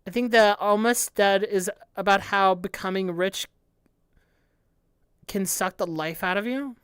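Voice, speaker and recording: Smooth-voiced young woman streamer. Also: medium pitch, measured pace, fairly bright tone, dry recording, studio quality. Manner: thinks aloud, hesitant restarts, frequent laughs, swears. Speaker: streamer reacting to an album. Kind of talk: casual reaction stream, reading lyrics aloud.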